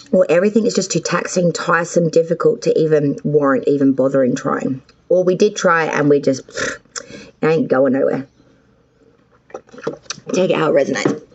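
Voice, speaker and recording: Australian woman tarot host, rambling and foul-mouthed; low, gravelly delivery, dull lo-fi recording. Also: darkish tone. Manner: chatty, rambling, swears freely. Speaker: tarot reader and channel host. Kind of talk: casual tarot reading vlog. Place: cold house with power out.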